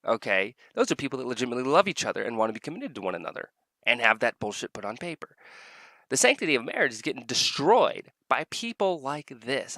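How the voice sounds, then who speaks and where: A man's voice: mid-range voice, a bit bright, no echo. A man vlogger delivering an angry, heavily profane reaction rant.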